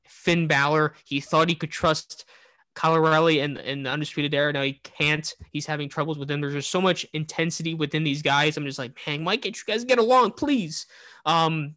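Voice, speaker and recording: A man's voice: a little high, sharp tone, no echo. A man co-hosting a casual wrestling podcast, recapping the show in a rambling way with many fillers and restarts. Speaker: podcast co-host.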